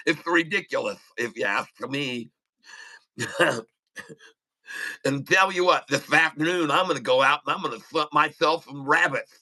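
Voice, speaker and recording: A man's voice: fairly high pitch, a little slow, long pauses, sharp tone, rough recording. A man with a lisp, chatting casually and joking on a live trading stream, laughing often. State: lisping. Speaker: day trader livestreaming.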